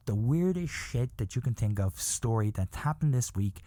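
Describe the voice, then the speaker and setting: A man tells a story as a comedy podcast host, swearing constantly and sounding exasperated. His pitch swings all over the place, his tone is dark and mellow, and the close mic sounds dry with no room. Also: moderate pace, few pauses, no room sound. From from outside the USA. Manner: profane, animated, exasperated rants.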